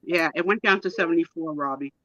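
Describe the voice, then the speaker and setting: Shaky stammering guy on a live stream, very bright sharp voice, dry muffled call audio. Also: fairly high pitch, quick pace, no room sound. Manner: stammering, self-reassuring. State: shaky from low blood sugar.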